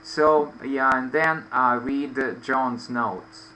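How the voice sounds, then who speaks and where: A man's voice: mid-range voice, slow, sharp tone, slight background noise, poor audio. A man teaching English in an online lesson, explaining patiently with many fillers. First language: Russian. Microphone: video call.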